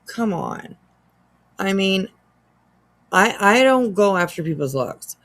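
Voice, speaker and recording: A middle-aged woman talks through her commentary in a loose, rambling way, hedging every point and circling back with fillers. She keeps catching hiccups as she goes. Her voice sits at an ordinary pitch. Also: big pitch swings, measured pace, a bit bright. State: has the hiccups. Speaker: commentary host. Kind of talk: casual commentary.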